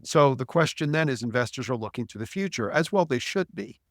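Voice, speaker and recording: A man's voice: mid-range voice, expressive, a little fast, a bit bright, no echo, studio quality. A man speaking as a market strategist on a podcast, blunt and wry, with frequent restarts. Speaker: chief strategist.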